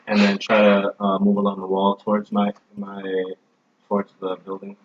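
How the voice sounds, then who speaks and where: A man playing a tabletop game, speaking hesitantly and softly, in a dull noisy lo-fi recording. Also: on the low side, monotone, moderate pace. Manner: hesitant, soft. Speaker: player.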